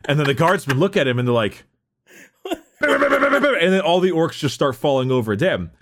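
A man's voice: a little high, sing-song, normal speed, fairly bright tone. A man telling stories in casual chat, laughing often and stumbling into restarts.

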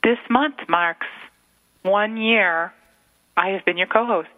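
A woman with a New England accent co-hosting a radio show, giggly and excitable. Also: medium pitch, slow pace. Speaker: radio co-host. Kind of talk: casual radio chat. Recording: tinny phone-like radio audio.

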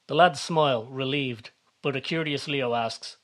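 A man giving calm, measured scripted narration. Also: medium pitch.

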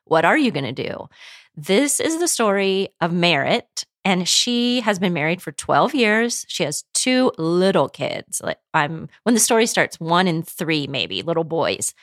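A woman's voice: lowish voice, very animated, measured pace, few pauses, no room sound, studio quality. A woman co-hosting a casual book chat, enthusiastic and conversational. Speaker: podcast co-host.

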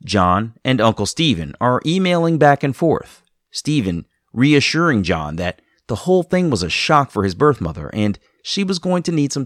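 A man hosting the show and reading scripted narration in a smooth, even delivery. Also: medium pitch, no room sound, studio quality. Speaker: host and narrator.

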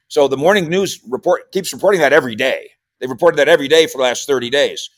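Talking fast with few pauses in a mid-range voice, a man who writes a sports column and hosts a podcast rambles through casual sports chat as a regular radio guest. He repeats words and livens up when quoting.

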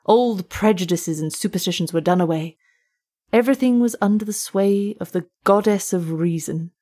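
Husky woman reading a story. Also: mid-range voice, normal speed, mellow. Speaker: narrator and host. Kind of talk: storytelling narration.

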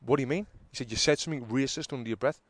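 A man, loose and chatty, who rattles through a story and gets loud when he plays out an argument. The sound is dry and close, with no room around it. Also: mid-range voice, racing, no room sound. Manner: animated storyteller who acts out arguments loudly. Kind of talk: casual chat, storytelling.

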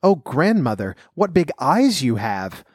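A man voicing an innocent little girl in a red cap, gentle and wide-eyed. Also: a little high, very animated, a little slow, no room sound, clean studio sound. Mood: uneasy.

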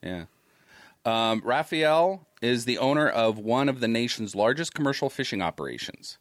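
A man's voice: medium pitch, expressive, normal speed, no echo, clean studio sound. A man hosting a casual talk show, reading news items aloud with wry comments. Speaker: news-segment host.

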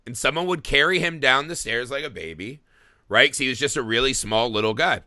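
A man's voice: medium pitch, a little fast, no room sound, clean studio sound. A man in a casual film discussion, telling stories with plenty of swearing. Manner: animated storyteller, swears freely. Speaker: podcast co-host.

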